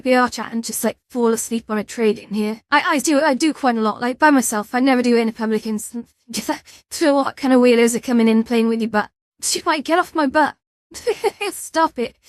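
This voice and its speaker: A woman's voice: on the high side, dry recording, studio quality. Tired, chatty woman streamer. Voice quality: rambling, chatty, with frequent restarts and fillers. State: tired, yawning. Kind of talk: casual chat.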